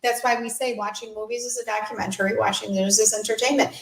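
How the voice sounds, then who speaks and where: A woman's voice: fairly high pitch, little pitch movement, fast. A woman hosting a casual talk show, chatty and agreeable, picking up her co-host's points. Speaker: host. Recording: echoey room.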